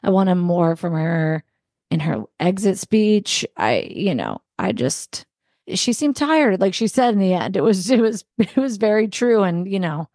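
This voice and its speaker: A woman's voice: medium pitch, big pitch swings, unhurried, darkish tone, no room sound, clean studio sound. A woman co-hosting a casual podcast chat, talking in a reflective, chatty way with trailing fillers. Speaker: podcast co-host.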